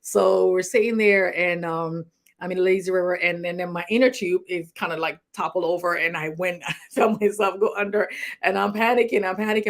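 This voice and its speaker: A woman's voice: medium pitch, fairly even intonation, brisk. A middle-aged woman from Liberia, a clinician, giving casual safety tips to an online audience in a rambling, conversational way with many restarts and chuckles. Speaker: health talk host, clinician.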